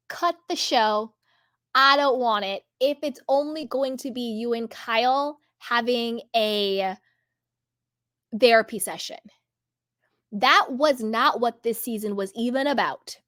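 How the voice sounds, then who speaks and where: A woman's voice: on the high side, a bit bright, no room sound. Opinionated woman with a dry, close sound. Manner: emphatic, opinionated, repetitive. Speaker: channel host. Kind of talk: reality TV commentary.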